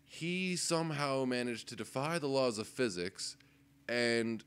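His medium-pitched voice is clear and resonant, and he keeps a measured pace. He co-hosts a podcast, telling a casual story at a desk microphone while swearing frequently and laughing, in an animated, profane style.

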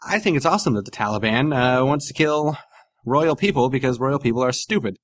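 A man's voice: mid-range voice, lively intonation, brisk. A man co-hosting a comedy podcast in casual chat, rambling and swearing with lots of fillers and jokes. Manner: rambling, profane, jokey, many fillers. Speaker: podcast co-host.

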